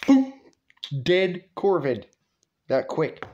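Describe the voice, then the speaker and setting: A man's voice: high-pitched, sing-song, extremely slow, warm tone, muffled recording, slight background noise. A man telling a story in a rambling, profane, colloquial way. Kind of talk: casual storytelling vlog.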